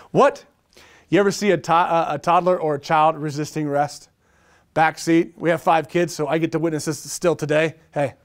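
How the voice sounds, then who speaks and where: A middle-aged male pastor preaching a sermon, animated and repetitive, asking the room questions. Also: on the high side, a little fast, clean tone. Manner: animated preaching with repeated phrases and rhetorical questions.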